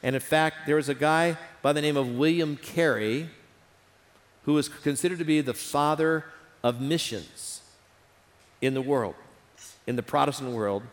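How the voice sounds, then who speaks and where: A man's voice: on the high side, a little slow, long pauses. A man preaching a sermon in an auditorium, earnest and repeating phrases for emphasis. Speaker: pastor. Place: large auditorium. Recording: reverberant hall.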